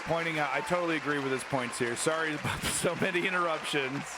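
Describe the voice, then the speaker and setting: A man's voice: a little high, quick pace, over a noisy crowd, very noisy. A man hosting a live news stream, chatting casually, laughing and rambling. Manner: laughing, rambling, self-mocking.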